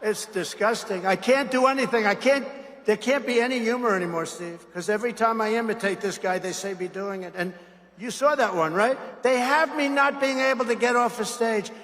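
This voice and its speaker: A man's voice: sits high, a little fast, fairly bright tone, in a large hall. A boastful, sarcastic man giving a campaign rally speech as a political speaker.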